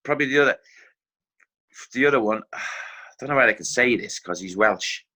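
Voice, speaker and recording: A middle-aged man with an Irish accent, a former footballer telling animated anecdotes as a podcast guest, acting out what others said. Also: mid-range voice, brisk. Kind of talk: casual podcast storytelling.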